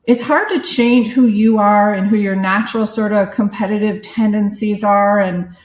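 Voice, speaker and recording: A woman's voice: mid-range voice, fairly even intonation, normal speed, a little mellow. A woman guest on a podcast, speaking reflectively with frequent hesitations. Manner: reflective, hesitant, many fillers. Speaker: guest, sports parenting website founder. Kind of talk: casual conversational interview. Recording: echoey room.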